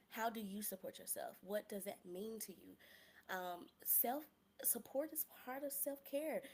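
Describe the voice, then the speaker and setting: A woman in her late thirties talks through a solo podcast, candid and full of slang. Her voice sits at a medium pitch. She drifts into near-whispered asides, then bursts out loudly when she gets excited. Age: 30s. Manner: candid, chatty, slangy, jumps between soft murmurs and loud excited bursts. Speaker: podcast host. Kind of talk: casual solo podcast monologue.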